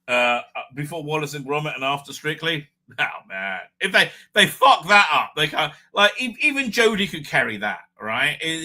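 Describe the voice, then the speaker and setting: A man's voice: a little high, bright, forceful tone. A man hosting a casual livestream, rambling crudely with many fillers and tag questions. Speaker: livestream host.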